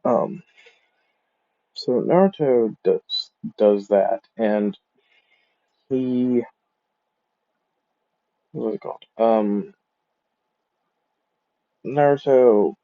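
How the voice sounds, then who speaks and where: A man's voice: mid-range voice, highs cut off. A man casually retelling a fan story, rambling with many fillers and restarts.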